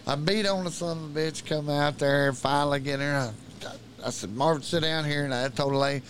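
A man's voice: fairly high pitch, brisk, slight background noise. Profane man spinning a tall tale. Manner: profane, animated storyteller. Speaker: podcast guest. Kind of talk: casual storytelling.

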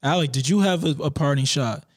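A man's voice: on the high side, brisk. A man hosting a casual podcast, throwing in teasing remarks and laughing often. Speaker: podcast host.

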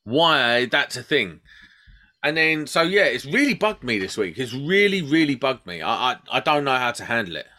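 A man's voice: mid-range voice, normal speed. A man, an electrician, telling a work story in casual podcast chat. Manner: animated storytelling, swears casually.

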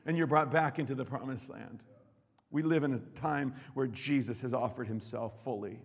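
A man preaching a sermon with passion, swinging between loud declarations and hushed asides. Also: mid-range voice, moderate pace, gravelly, husky. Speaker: pastor. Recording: long reverb hall.

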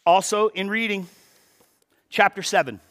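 Preaching in a high, unhurried voice, a male pastor delivers an animated sermon. He poses rhetorical questions and tends to repeat words when beginning sentences.

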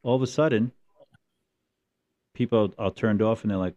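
Low, mellow-voiced man chatting casually. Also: normal speed, no echo, dull audio. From New Jersey. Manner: rambling, animated storytelling with mimicked voices. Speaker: podcast co-host. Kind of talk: casual chat.

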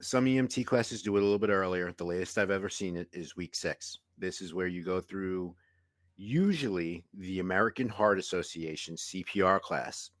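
A middle-aged man with a New York accent, a longtime EMT co-hosting a casual podcast, plainspoken and animated. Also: low voice, moderate pace, no echo, studio quality. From New York City.

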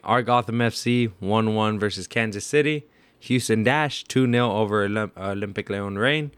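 A man's voice: on the low side, normal speed, fairly bright tone, clean tone, no room sound. A man co-hosting a podcast in casual sports chat, laid-back, saying dude and bro a lot and stumbling over names. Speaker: podcast co-host.

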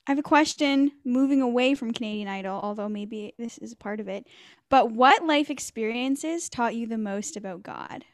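Female interviewer, somewhat high pitch, soft-spoken and unhurried, dry close recording. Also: no echo. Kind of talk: casual interview.

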